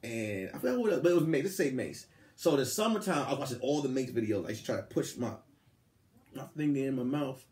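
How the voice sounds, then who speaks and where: A man hosting a podcast, telling a story in casual chat and acting out the quotes. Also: fast talker. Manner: animated, acts out quotes with big jumps in pitch. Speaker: podcast host. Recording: roomy echo.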